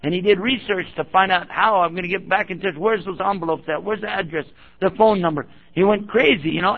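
A man preaching to a gathering, telling a story and acting out the quotes of the people in it. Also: high-pitched. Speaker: Islamic preacher. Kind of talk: sermon-style storytelling. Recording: dull lo-fi recording.

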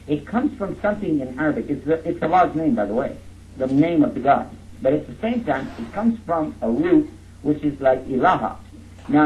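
Man, jokey interactive lecture, coaxes audience to repeat, higher male voice, tinny phone-like recording. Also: slight background noise. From Texas. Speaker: speaker teaching a live audience. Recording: narrow phone-like lo-fi sound.

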